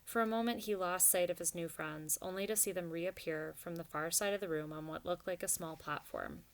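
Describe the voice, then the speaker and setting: A woman narrating a storybook in a steady, even reading voice. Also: on the low side, a little fast. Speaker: audiobook narrator.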